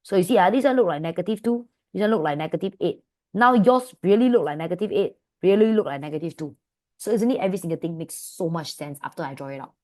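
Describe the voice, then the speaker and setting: Malaysian lady maths tutor, slightly low voice, chatty and affectionate, keeps asking the class questions. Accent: Malaysian English. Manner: affectionate, calls students "my dear"; lively, asks many quick questions. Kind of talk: online class teaching.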